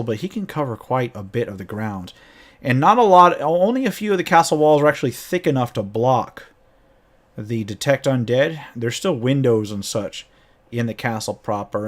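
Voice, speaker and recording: A man recounting a tabletop campaign as its game master, in casual storytelling, animated and often jumping into his players' voices. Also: mid-range voice. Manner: animated, acts out quoted players in a raised voice.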